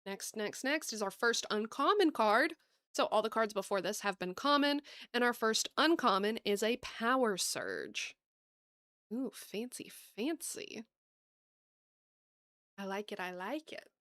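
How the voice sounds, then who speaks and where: A woman with a Southern US accent hosting a casual card-opening video, bubbly and gushing, thinking aloud and laughing softly as she talks to viewers. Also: a little high, animated, a little slow, no echo, clean studio sound. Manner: bubbly, gasping and gushing over cute cards. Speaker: card-opening channel host.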